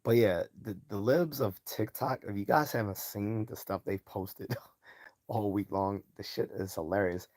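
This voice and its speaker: A man's voice: fairly low pitch, measured pace, a little mellow, no echo. A man hosting a live stream in a casual commentary style, loose and mocking, chuckling often and swearing freely.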